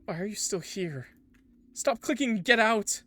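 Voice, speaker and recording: A man's voice: high voice, animated, unhurried, pushed and bright, voice pushed up, heavily acted. A man voicing a panicked game character who desperately pleads with the player to leave. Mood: frantic pleading.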